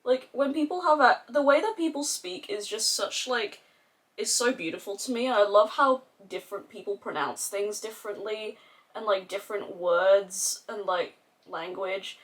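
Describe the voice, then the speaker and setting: A woman's voice: medium pitch, moderate pace. Chatty swearing woman, Aussie-English accent. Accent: mix of Australian and English. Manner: chatty, swears freely, rambling tangents. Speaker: beauty vlogger. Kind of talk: casual makeup tutorial chat.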